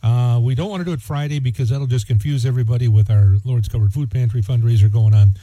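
A man's voice: medium pitch, fast, dark tone, lo-fi sound. A man hosting a morning radio show in casual, joking chat, rambling with lots of fillers.

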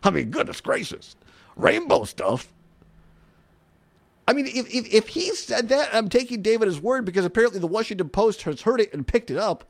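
A man hosting an opinionated talk radio show, incredulous and animated, often laughing and saying "I mean". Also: sits high, quick pace, creaky, hardly any pauses.

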